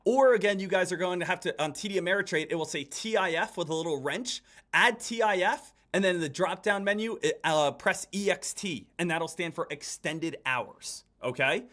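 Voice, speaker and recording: A man with a high, light voice talks viewers through a live trade, urgent and repetitive. He keeps calling them guys and stresses his points over and over. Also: normal speed, a bit bright. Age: adult. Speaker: day trader hosting a livestream. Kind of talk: live market commentary.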